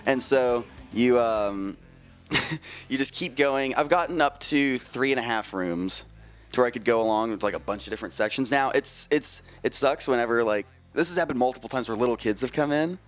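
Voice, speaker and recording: A young man, a band member, telling stories in casual chat, lively and jumping into loud high voices when quoting people. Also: moderate pace, faint music behind. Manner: animated, jumps into loud high voices for quotes. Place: outdoor festival grounds.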